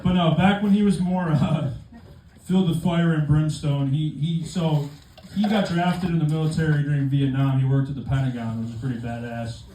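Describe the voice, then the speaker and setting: A man's voice: a little high, steady tone, moderate pace, dark tone, slight background noise. A young man doing a stand-up comedy set in a club, self-deprecating with conversational asides. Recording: echoey club room from far off, crowd laughter.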